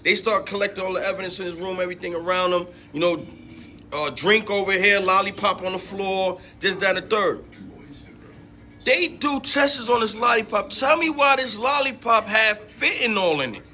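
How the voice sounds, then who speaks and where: A man with a high voice and a sharp, bright edge tells a story in a casual podcast chat. He swears freely and jumps into the voices of the people in the story. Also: normal speed. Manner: animated, acts out quoted people. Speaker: podcast co-host.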